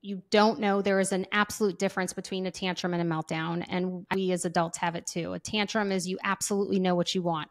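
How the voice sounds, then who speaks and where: A woman's voice: lowish voice, fast, hardly any pauses. A woman talking casually about parenting, often acting out children's and parents' voices. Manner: animated, acts out kids' and parents' voices. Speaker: parenting guest. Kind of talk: casual conversational advice.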